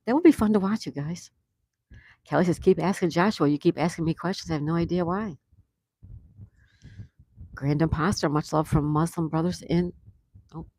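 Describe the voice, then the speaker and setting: Woman, deep voice, live-stream host, reads chat comments aloud, outdoors on a phone. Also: steady tone, normal speed, pauses often, dry recording. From USA. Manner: reads viewer comments aloud and chats warmly. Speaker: livestream host.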